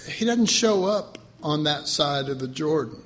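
A man's voice: a little high, lively intonation, measured pace, fairly bright tone. A man preaching a conversational sermon in a folksy way, laughing often and acting out the voices he quotes.

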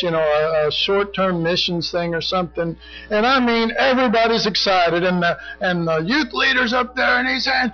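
A middle-aged or older man teaching a Bible study in a rambling, conversational way, full of "you know" and frequent throat clearing. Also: high voice. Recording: dull lo-fi recording.

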